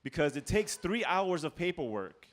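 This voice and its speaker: A man telling a comic true story on stage, animated, profane and laughing at himself. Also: a little high, normal speed. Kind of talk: live comedic storytelling.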